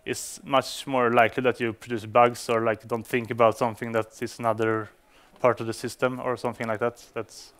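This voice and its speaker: A native Swedish speaker presents a developer conference talk in English, stumbling through frequent fillers and restarts. He speaks briskly with few pauses, in a medium-pitched, slightly bright voice that barely moves in pitch.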